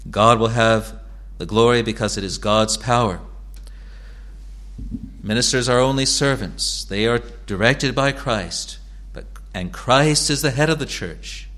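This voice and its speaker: A man preaching a sermon to his congregation as their pastor, speaking in an earnest, measured way and repeating phrases for emphasis. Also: lowish voice, a bit bright.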